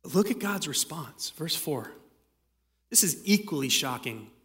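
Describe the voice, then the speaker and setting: Brief: male pastor, a bit high-pitched, chatty yet dramatic preaching, long hall echo. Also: animated, unhurried, a bit bright. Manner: conversational preaching with dramatic readings. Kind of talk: sermon.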